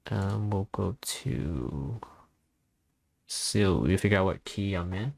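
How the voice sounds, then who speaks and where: A man casually talking through a music software tutorial in a rambling, offhand, self-deprecating way. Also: low-pitched, animated, slow pace, gravelly. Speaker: tutorial host. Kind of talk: casual screen-recording tutorial.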